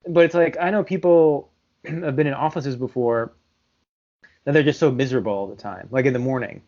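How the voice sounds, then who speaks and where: A man's voice: mid-range voice, fairly quick, darkish tone. A man co-hosting a podcast in casual chat, easygoing and full of filler words. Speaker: podcast co-host. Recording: dull lo-fi sound.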